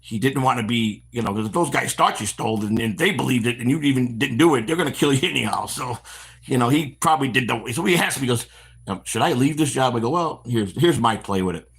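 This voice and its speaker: Fast-talking husky middle-aged man. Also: medium pitch. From Chicago area. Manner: animated storyteller, acts out quoted voices, frequent restarts. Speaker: stream host. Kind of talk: rambling storytelling on a walk-and-talk stream. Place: outdoors on a walk.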